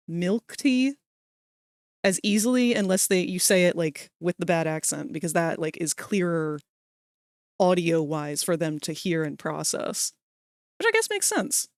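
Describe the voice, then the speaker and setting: Studio-quality with no room sound, the recording captures a woman's fairly low-pitched voice. She's a streamer chatting casually as she works live, spinning rambling stories and talking to her viewers.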